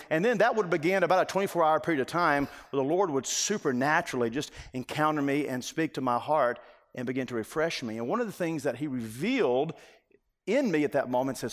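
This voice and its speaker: A middle-aged man preaching a sermon, earnest and halting, often restarting his sentences. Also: on the high side, lively intonation. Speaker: pastor. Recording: long reverb of a large hall.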